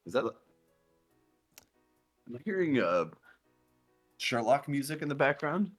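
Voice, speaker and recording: A man's voice: mid-range voice, sing-song, measured pace, faint music behind. A man co-hosting a live stream, chatting casually and agreeably. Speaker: co-host.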